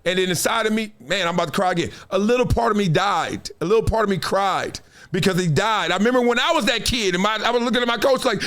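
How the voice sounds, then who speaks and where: A man hosting a casual commentary show, telling animated stories and acting out quotes. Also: very high voice, quick pace. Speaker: show host.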